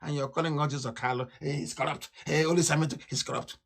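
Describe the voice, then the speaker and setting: A man with a Nigerian English accent giving a fiery, scornful political radio address. He swings from shouting to low muttering. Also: steady tone, quick pace, creaky. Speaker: radio broadcaster.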